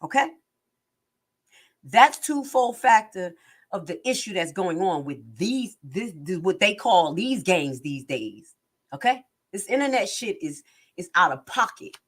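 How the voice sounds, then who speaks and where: A woman's voice: on the low side, sing-song, measured pace. A middle-aged woman giving impassioned live-stream commentary, blunt and streetwise, preaching and repeating herself for emphasis.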